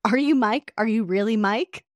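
An irate female renter in her forties snaps out demand after demand in a raised, indignant voice, as a woman reads her lines aloud. The voice is dry and close, with a mid pitch. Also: expressive, normal speed, no room sound, natural voice.

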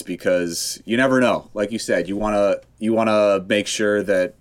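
A man's voice: fairly low pitch, steady tone, normal speed. A man in his forties co-hosting a casual chat, laid-back and candid, chuckling now and then. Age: 40s. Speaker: co-host.

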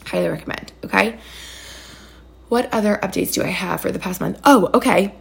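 A chatty woman in her thirties hosts her own podcast, talking in a bubbly, gushing rush with lots of fillers and exclamations. Her voice sits mid-range with a gravelly, fry-laden edge at the ends of phrases. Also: medium pitch, brisk. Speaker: podcast host. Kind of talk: casual chat.

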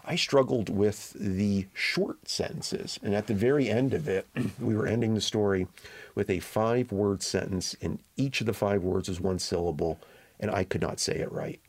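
A man, a print reporter and podcast guest, telling a story in relaxed conversational talk. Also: fairly low pitch, moderate pace. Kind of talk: casual interview talk.

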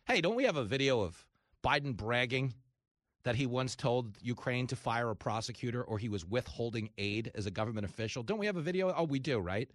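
A man's voice: lively intonation, a little fast, no room sound, clean studio sound. A man hosting a talk radio show, delivering an opinionated, sarcastic monologue and mocking his opponents. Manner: sarcastic, mocks opponents in shrill mimicking voices.

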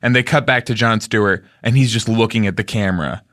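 A man's voice: lowish voice, fairly quick, fairly bright tone. A man in a casual comedic chat, eagerly reminiscing and retelling scenes.

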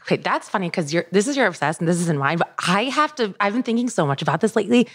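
A woman's voice: mid-range voice, expressive, fast, husky. A young woman co-hosting a podcast, chatting casually, bubbly and emphatic, laughing often. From Greek family roots. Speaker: podcast co-host. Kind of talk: casual chat.

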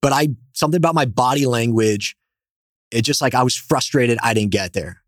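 A male founder talks as a guest with animated, energetic storytelling. His voice sits in an ordinary middle register. The sound is close and dry. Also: medium pitch, brisk, no room sound. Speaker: company founder and CEO, guest. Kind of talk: casual storytelling interview.

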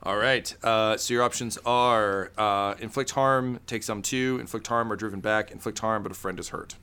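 Game master, a man with a bright, clear voice, relaxed and full of fillers. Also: on the low side, normal speed. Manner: laid-back, many fillers. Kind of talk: narrating a tabletop game. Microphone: video call.

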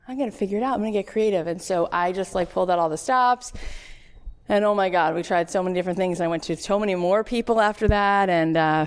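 A woman's voice: fairly low pitch, clean tone. A woman in her late thirties speaks as a podcast host, giving a motivational talk in a chatty, storytelling way. She acts out quotes with bursts of animation and keeps a friendly, conversational flow. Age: 30s.

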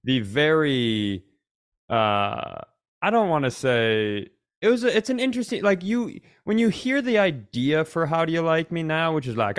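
A man's voice: on the high side, sing-song, normal speed. A man co-hosting a casual comedy podcast, joking around and sometimes breaking into an exaggerated twangy sing-along. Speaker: podcast co-host.

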